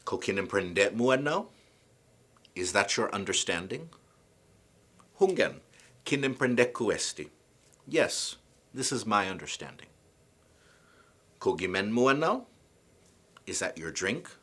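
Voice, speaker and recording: A man giving a scripted language lesson, pronouncing example words slowly and carefully. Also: on the low side, sing-song, a bit bright. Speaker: language teacher.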